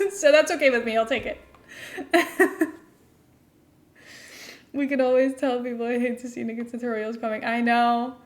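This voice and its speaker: Young female streamer, international-school American accent, a little high-pitched, chatty and giggly. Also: steady tone, unhurried, pauses often. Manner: chatty and giggly, answering chat between building tasks. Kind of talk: casual chat while playing a game live.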